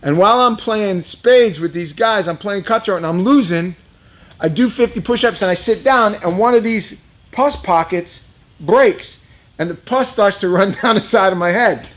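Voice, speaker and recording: Rambling male storyteller, slightly high voice. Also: moderate pace. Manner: rambling, conversational, chuckling. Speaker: reptile dealer telling a story. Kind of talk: casual storytelling.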